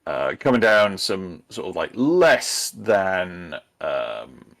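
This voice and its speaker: A man running a tabletop role-playing game as game master, narrating in a halting way with frequent ums and restarts. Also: low-pitched, sing-song, vocal fry, a bit bright. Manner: hesitant, many ums and restarts.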